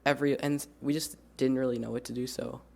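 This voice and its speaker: A man's voice: medium pitch, flat delivery, creaky. Teen boy, casual storyteller. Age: teens. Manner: unhurried, filler-heavy. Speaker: youth radio team member.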